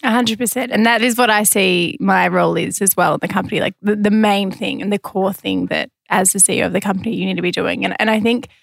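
A woman's voice: medium pitch, steady tone, fast talker, gravelly, hardly any pauses, no echo, studio quality. A woman hosting a podcast in casual chat, laughing often. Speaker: podcast host.

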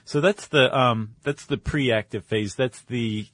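A man's voice: medium pitch, takes it slowly, a bit bright, no room sound, clean studio sound. A man co-hosting a podcast, explaining in casual chat with fillers and restarts. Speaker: podcast co-host.

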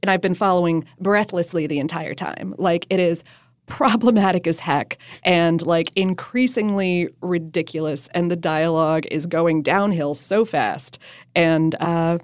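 A woman in her thirties co-hosts a podcast, talking with playful, nerdy enthusiasm. Her voice sits somewhat low. The recording is dry and close. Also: measured pace, dry recording. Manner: enthusiastic, playful, self-described nerd. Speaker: podcast co-host. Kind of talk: casual chat.

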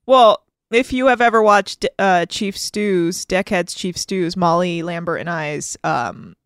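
A woman's voice: fairly low pitch, slow, clean tone, dry recording, clean studio sound. A woman co-hosting a podcast as producer, chatting casually in a playful, opinionated way. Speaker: producer and co-host. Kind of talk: casual chat.

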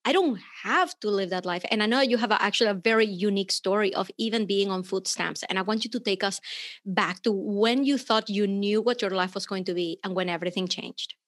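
A woman's voice: medium pitch, fairly quick. A woman hosting a podcast interview, telling stories with animation and acting out the lines she quotes. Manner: animated storyteller who acts out quoted lines. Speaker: podcast host. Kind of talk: casual interview chat.

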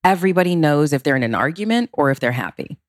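Low-voiced expressive woman, dry sound. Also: fast talker, no echo. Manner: expressive, emphatic with big pitch leaps. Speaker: relationship consultant. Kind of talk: podcast interview.

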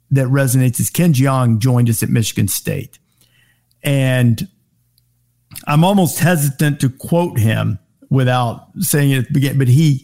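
A middle-aged man telling sports TV anecdotes in casual chat, acting out quoted lines in a raised voice. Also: gravelly. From Alabama. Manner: animated anecdotes, acts out quotes in high voices. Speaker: guest, sports TV host. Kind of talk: casual storytelling.

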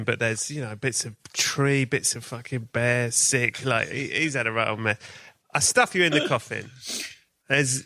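A man's voice: mid-range voice, sharp tone, no echo. A man hosting a podcast interview, playfully spinning a gory comic scenario for his guest. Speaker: podcast host. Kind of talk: casual interview chat.

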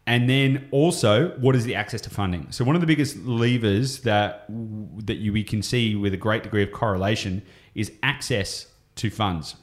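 A man's voice: lowish voice, moderate pace, few pauses. An Australian man explaining property investing on a podcast, enthusiastic and rambling, often going off on tangents.

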